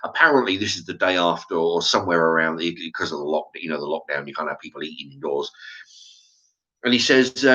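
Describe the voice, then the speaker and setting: A man recounts his week straight to camera, casual and blunt, swearing freely. His voice is bright, and his pitch swings widely as he gets into the story. The recording is dull and a little lo-fi. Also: expressive, fast. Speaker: channel host.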